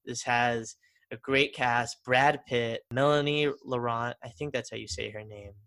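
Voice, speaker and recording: Podcast co-host, man, bright tone, eager and rambling. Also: mid-range voice, fairly even intonation, a little slow, vocal fry. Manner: enthusiastic, rambling with restarts. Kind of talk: casual chat.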